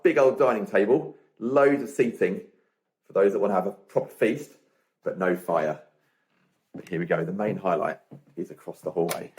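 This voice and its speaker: Fairly low-pitched with a breathy edge, this young travel vlogger chats to his handheld camera during a hike. He's upbeat and talkative, poking fun at himself as he goes.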